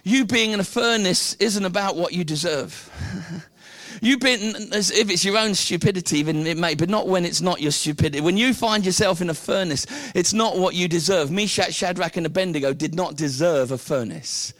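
A British preacher delivers his sermon with energy, acting out the characters as he tells the story. His voice sits a little high for a man. The sound is close and dry, with no room echo. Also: moderate pace, a bit bright.

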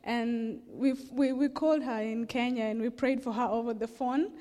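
A woman sharing a prayer testimony in a slow, earnest way at a gathering. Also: on the high side, steady tone, warm tone, in a large hall.

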